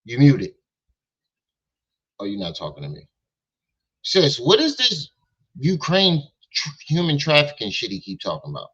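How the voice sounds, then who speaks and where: Mocking man with a bright, lively voice. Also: mid-range voice, measured pace, pauses often, husky, lo-fi sound. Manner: mocking, incredulous, repetitive questions. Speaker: reaction channel host. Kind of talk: mocking reaction commentary.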